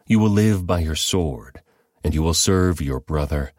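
A man voicing an aged, grave father who speaks in slow, solemn pronouncements. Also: extremely low pitch, animated, darkish tone, no room sound, clean studio sound.

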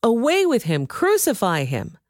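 A woman voicing an angry group of male religious leaders in a scripture reading, shouting insistently. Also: mid-range voice, sing-song, normal speed, no echo, studio quality, lightly acted.

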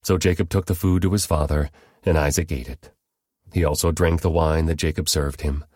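Male narrator for scripture stories, very low voice, steady even read, dry close sound. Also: moderate pace, dry recording. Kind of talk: scripted Bible story narration.

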